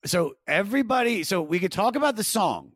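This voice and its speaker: A man's voice: high voice, sing-song, a little fast, fairly bright tone, no echo, studio quality. A man hosting a podcast in casual, profane chat, steering the talk through an album track by track. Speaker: podcast host.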